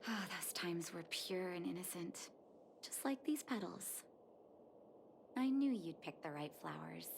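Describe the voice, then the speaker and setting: An actress voicing an earnest, caring young woman doctor in a video game, speaking softly and sincerely. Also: fairly low pitch, lively intonation, measured pace, gravelly, background noise. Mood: fond. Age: young adult. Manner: soft, sincere, emotional. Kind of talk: game voice acting. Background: game music.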